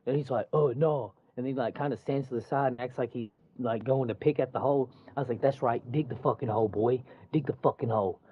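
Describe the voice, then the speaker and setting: A construction worker tells a casual story about a run-in at work, swearing a lot and acting out what each person said. His mid-range voice moves quickly with few pauses and a slightly rough edge. The recording sounds dull, muffled and dry.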